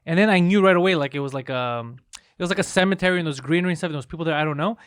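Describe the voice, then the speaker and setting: A man co-hosting a comedy podcast, talking in quick, crude, teasing bursts. His voice sits a bit high, and he rattles along at a fast clip. The sound is dry and close. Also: a bit bright, clean tone, dry recording. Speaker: podcast co-host. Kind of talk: casual profane comedy banter.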